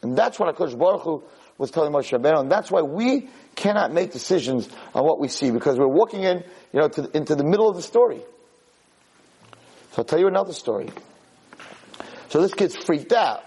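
Animated, husky-voiced male storyteller. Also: fairly high pitch, a little fast. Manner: animated storyteller, acts out characters. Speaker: Torah teacher. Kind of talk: storytelling lesson. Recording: podcast audio.

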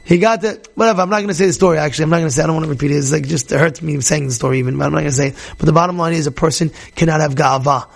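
A man teaching a Torah class, animated, acting out characters and questioning his listeners. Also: fairly high pitch, racing, vocal fry, few pauses. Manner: animated, acts out characters, asks the audience questions. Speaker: rabbi.

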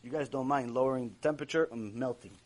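A man's voice: medium pitch, fast talker. A man teaching a Torah class as a rabbi, preaching emphatically to a live audience and repeating key phrases. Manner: speaks straight to the audience with rhetorical questions. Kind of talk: sermon-style Torah lecture. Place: warm lecture room with a live audience.

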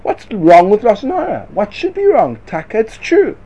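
A man teaching Torah in a lively, argumentative discussion, firing rhetorical questions and sprinkling Hebrew and Yiddish yeshiva terms into his speech. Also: high-pitched, moderate pace, breathy edge. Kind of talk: lively Talmudic-style discussion.

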